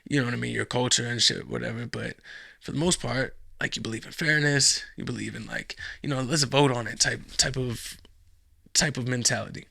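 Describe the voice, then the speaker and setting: A man's voice: medium pitch, brisk, creaky, bright, forceful tone, dry recording. A man hosting a casual podcast, rambling and swearing, with lots of fillers and restarts. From United States. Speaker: podcast host.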